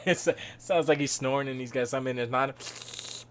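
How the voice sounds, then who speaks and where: A man's voice: mid-range voice, fairly quick, a little hiss or hum. A man hosting a live stream, chatting casually and jokingly, slipping into silly impressions of film characters. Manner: joking, slips into voiced impressions.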